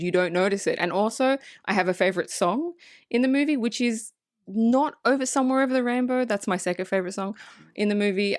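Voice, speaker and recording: A woman co-hosting a podcast in a casual movie review chat, excited and swearing freely as she acts out quotes. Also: mid-range voice, no echo, clean studio sound. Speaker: podcast co-host. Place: podcast recording space.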